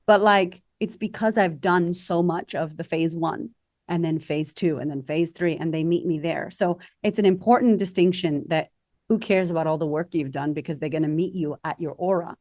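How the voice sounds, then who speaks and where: A woman's voice: fairly low pitch, a little fast, a little mellow, no echo, studio quality. A woman confidence coach talking animatedly as a podcast guest, acting out quoted voices. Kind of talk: podcast interview.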